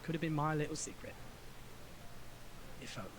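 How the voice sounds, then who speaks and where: A man voicing a proud gentleman gamer racked with guilt, in clipped, formal phrasing, while reading a visual novel aloud. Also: fairly high pitch, normal speed, slight background noise, lightly acted. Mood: bitter, guilty.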